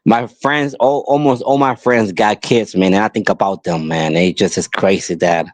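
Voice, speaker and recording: He hosts a podcast in a lowish, fairly even voice at a moderate pace, with no room sound. The man launches into an angry, emphatic monologue, pleading with his listeners and repeating himself.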